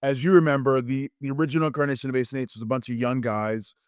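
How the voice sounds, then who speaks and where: A man in his fifties, a former wrestler and interview guest, telling lively anecdotes and acting out quotes with frequent restarts. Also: medium pitch, quick pace, smooth, dry recording, clean studio sound. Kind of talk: animated storytelling in a podcast interview.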